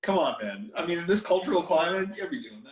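Young man, teasing casual co-host, lively pitch, slightly high, echoey room, distant mic. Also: quick pace, crowd noise. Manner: teasing, jokey interjections. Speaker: podcast co-host. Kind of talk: casual chat.

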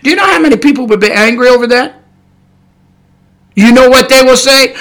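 A man preaching a sermon on a podcast, blunt and folksy, firing rhetorical questions and breaking into sudden shouts. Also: very high-pitched, moderate pace.

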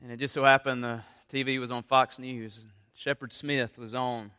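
A man preaching a sermon with passion, going from quiet talk to loud appeals. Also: mid-range voice, flat delivery, normal speed, smooth, in a large hall. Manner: impassioned, rises from quiet to loud. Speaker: pastor.

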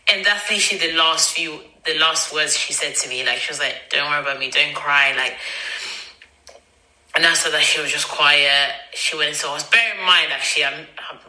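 A woman's voice: sits low, brisk, sharp tone. A woman, telling a personal story as podcast host in a chatty way, acting out dialogue and using many fillers. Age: 20s. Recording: roomy echo.

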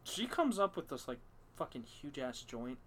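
A man's voice: medium pitch, very animated, normal speed, fairly bright tone, slight background noise. A man hosts a podcast in an easygoing storytelling chat. His delivery rambles, is full of fillers and restarts, and is peppered with profanity. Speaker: podcast host.

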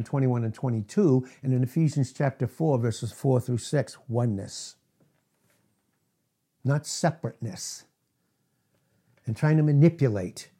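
Preaching with emphasis, a middle-aged man serving as pastor throws out rhetorical questions while his medium-pitched voice moves from booming to hushed.

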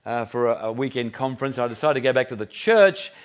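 With a mid-range voice and a quick pace, a fifty-something Australian man preaches a sermon like he's telling a story. He chuckles often and keeps restarting sentences.

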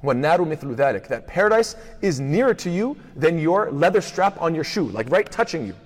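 A man teaching a lesson on hadith, rapidly reciting Arabic passages, then explaining them and posing rhetorical questions to his listeners. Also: high-pitched, very animated. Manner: poses rhetorical questions to the class. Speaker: Islamic studies teacher. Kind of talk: lecture on hadith. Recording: long hall reverb.

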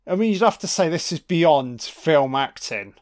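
A man giving a casual watch-along film commentary, full of excitable, profane reactions. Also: a little high, normal speed.

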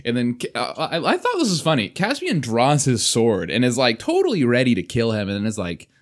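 A man co-hosting a podcast, retelling a book in casual chat, animated and laughing often. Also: mid-range voice, fairly quick, hardly any pauses. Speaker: podcast co-host.

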